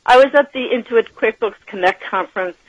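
A woman guest on a radio show, an enthusiastic and animated storyteller who laughs often. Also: on the high side, a little fast, no echo, low-quality recording. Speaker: guest, business author and professor. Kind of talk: radio interview.

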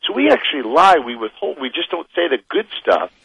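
A man talking as a guest expert in a radio interview, explaining with animated emphasis. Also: a little high, a little fast, vocal fry, husky, dry recording, dull audio.

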